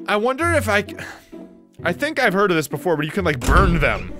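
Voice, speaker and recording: A man's voice: high-pitched, big pitch swings, a little fast. A man giving let's-play commentary on a horror game, jumpy, often shrieking and laughing nervously. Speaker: gaming commentator. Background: game music.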